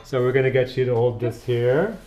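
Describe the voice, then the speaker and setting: A man's voice: mid-range voice, brisk, crowd noise. A man with a New Zealand accent, a hairdresser chatting and joking while styling a client's hair in a salon. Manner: chatty, jokey, enthusiastic. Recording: echoey salon with hair dryer noise.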